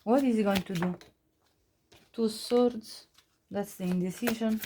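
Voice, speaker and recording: A woman's voice: mid-range voice, unhurried, background noise. Woman tarot reader, casual and chatty, laughs easily, talks with fillers and restarts. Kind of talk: casual pick-a-card tarot reading.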